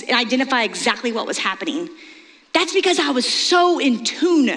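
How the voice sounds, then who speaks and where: A middle-aged woman pastor with a light Texan accent, preaching a sermon in a lively, storytelling manner. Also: sits high. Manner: lively storytelling, confiding and animated. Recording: long hall reverb.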